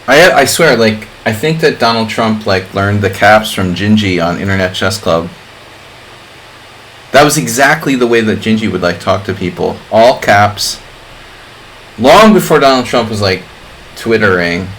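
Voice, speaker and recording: A man's voice: fairly low pitch, animated, a little slow, fairly bright tone, a little hiss or hum, rough recording. A middle-aged man streaming chess, chatting casually in a rambling way with lots of fillers. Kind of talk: casual live-stream chat.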